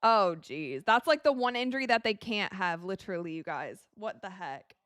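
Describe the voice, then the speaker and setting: A woman hosting a live watch-along of a basketball game, reacting excitably to plays, crying out and laughing, and thanking viewers for donations. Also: medium pitch, moderate pace, no room sound, studio quality. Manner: thanks viewers for donations and answers their questions.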